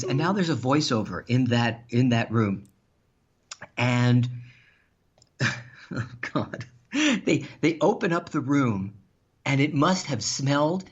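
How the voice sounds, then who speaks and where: This man, a podcast guest, laughs his way through funny anecdotes in a casual, animated style. His voice is medium in pitch and a bit rough, captured in dull lo-fi audio.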